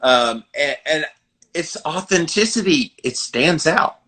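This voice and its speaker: A man with a Southern American accent hosting a podcast interview, giving earnest, animated advice. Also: on the high side, slow pace. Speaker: podcast host. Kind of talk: conversational interview.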